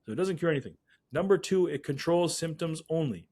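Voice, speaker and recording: A man putting on a slick, smooth-talking male marketing executive who speaks with brash confidence. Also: lively intonation, brisk, darkish tone. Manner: brash, confident sales pitch.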